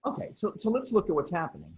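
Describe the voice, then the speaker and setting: A fairly high-voiced man with a husky edge, talking in a loose, animated way full of restarts. His pitch jumps around a lot as he thinks out loud. The sound comes through a dull, lo-fi video call mic. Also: fast talker. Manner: rambling, many restarts, animated. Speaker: podcast host. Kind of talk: casual chat over video call.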